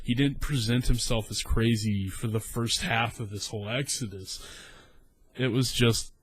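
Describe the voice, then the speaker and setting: Man in his 30s, south texas accent, swearing storyteller, animated and rambling, dry close mic. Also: mid-range voice, unhurried, slightly rough, no echo. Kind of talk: casual story time.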